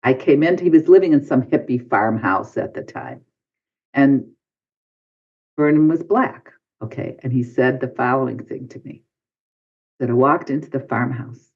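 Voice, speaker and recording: A man's voice: mid-range voice, expressive, moderate pace, vocal fry. A man guest on a podcast, telling a personal story and acting out his own past lines with big swings of voice. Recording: dull lo-fi podcast audio.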